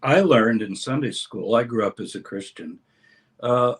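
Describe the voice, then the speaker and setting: A man explains scripture as an interview guest in an energetic teaching way. He reads passages aloud with dramatic emphasis. His pitch sits in an ordinary middle range. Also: a little slow. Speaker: scholar and course teacher, guest.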